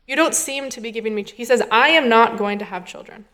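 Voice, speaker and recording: A woman's voice: on the high side, fast talker, fairly bright tone. A woman, a rabbinic intern, giving a sermon in a casual, thinking-aloud way, acting out the dialogue she quotes. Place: synagogue sanctuary.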